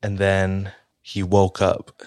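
Deep-voiced man telling a spooky story. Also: monotone, slow pace, no echo, clean studio sound. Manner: rambling with many fillers and restarts, drops to a low hush at tense moments. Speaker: storyteller in a podcast-style chat. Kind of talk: casual retelling of a ghost story.

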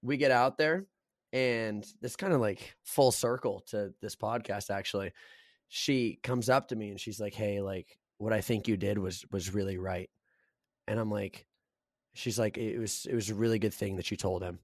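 A man's voice: fairly low pitch, moderate pace, no room sound, clean studio sound. A young man co-hosting a podcast in casual chat, telling stories bluntly and with lots of swearing. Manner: blunt, profane, animated storyteller. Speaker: podcast co-host.

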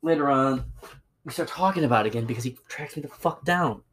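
A man's voice: mid-range voice, brisk, husky. A young man ranting casually about a coworker, profane and sarcastic as he tells the story. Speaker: podcast host.

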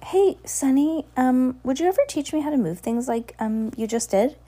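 A woman voicing an eager, slightly shy young girl witch who asks excited questions. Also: high-pitched, moderate pace, pitched above the performer's own voice.

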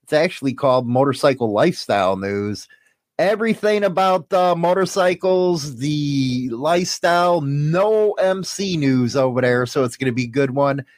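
A man's voice: fairly high pitch, expressive, normal speed, no room sound. A man co-hosting a casual talk show, joking loosely and swearing freely. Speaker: podcast co-host. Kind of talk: casual chat. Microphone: studio mic with headphones.

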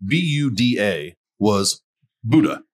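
A man's voice: lowish voice, sing-song, takes it slowly. A man co-hosting a drinking podcast, rambling and cracking crude jokes in casual chat. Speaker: podcast co-host.

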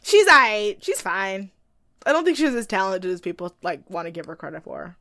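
A woman's voice: fairly low pitch, big pitch swings, a little fast, dry recording, studio quality. A woman co-hosting a podcast, chatting casually and snarkily about a movie, laughing often. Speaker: podcast co-host recapping a movie. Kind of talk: casual chat.

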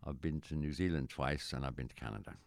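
A middle-aged Irish man chatting casually as an interviewee, rambling and halting with many restarts. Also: rumbling low, steady tone, dry recording, clean studio sound. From Ireland. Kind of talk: casual chat.

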